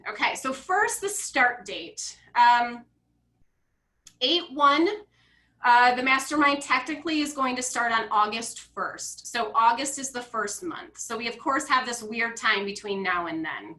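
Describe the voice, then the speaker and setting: A woman hosting a live launch call for financial coaches, bubbly and excitable, reading viewer comments aloud. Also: fairly high pitch, a little slow, roomy sound, low-quality recording. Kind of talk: casual live-stream talk.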